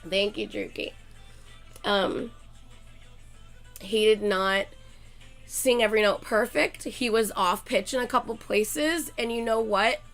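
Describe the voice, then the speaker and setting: A young woman, sick and coughing, chatting casually with livestream viewers in an excitable, gushing way and reading names from the chat. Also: medium pitch, slow, pauses often, soft background music.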